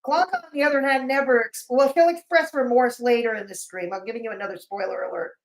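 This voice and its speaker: A woman's voice: a little high, fast. A woman hosting a livestream in casual chat, sarcastic and mocking, her voice a little off and sleepy. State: voice feels off, sleepy. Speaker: livestream host.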